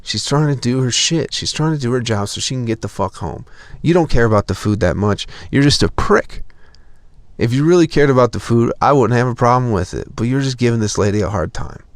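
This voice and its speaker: A man's voice: medium pitch, lively intonation, fairly quick, no echo. A young man telling a profane, exasperated story as a podcast host in a casual comedic rant.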